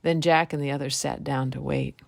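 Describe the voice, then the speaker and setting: Low-voiced woman telling a folk tale. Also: brisk, creaky, no echo, studio quality. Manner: relaxed folksy telling. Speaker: podcast host.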